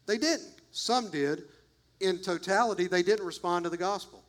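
High-voiced male pastor preaching, emphatic, repeats his points, talks to the crowd. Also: normal speed. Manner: emphatic, repetitive, addresses the congregation. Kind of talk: sermon.

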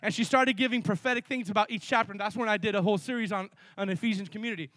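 A male pastor preaching a sermon with energy, mixing sudden loud emphasis with quick asides. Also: high voice, no room sound.

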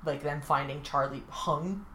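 A woman's voice: deep voice, sharp tone, reverberant, a little hiss or hum. A woman co-hosting a podcast, casually recapping a TV episode with lots of "like" and "um". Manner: chatty, many fillers like "like", "um" and quick asides. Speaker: podcast co-host.

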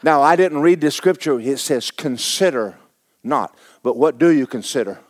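A pastor preaching a folksy, playful sermon to his congregation, now and then breaking into shouted praise. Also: medium pitch, expressive, moderate pace, no room sound, studio quality. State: injured foot, sitting while preaching.

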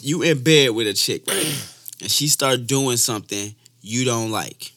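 A man hosting a casual podcast, joking and laughing, breaking into loud outbursts. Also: mid-range voice, measured pace. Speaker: podcast host.

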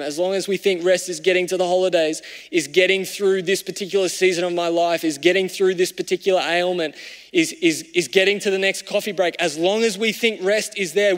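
A man preaching a sermon as a pastor, talking conversationally and moving between raised emphasis and hushed, reflective passages. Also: high-pitched. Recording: long hall reverb.

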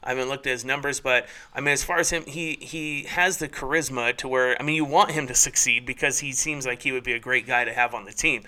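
A man co-hosting a casual sports podcast, chatty and quick to laugh at himself. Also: medium pitch, fairly even intonation, pushed and bright. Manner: chatty, laughing, self-deprecating. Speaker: podcast co-host.

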